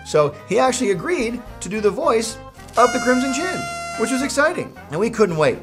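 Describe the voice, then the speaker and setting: A man's voice: very high-pitched, very animated, moderate pace, a bit bright, soft background music. A middle-aged man, a cartoon creator, telling a comic story in a playful, jokey way.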